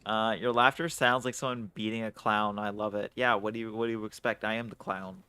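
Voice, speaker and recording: A man's voice: fairly low pitch, steady tone, fairly quick, sharp tone, clean tone, no echo. A man streaming a game, chatting casually with lots of swearing, self-mocking jokes and laughter. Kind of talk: casual gameplay commentary.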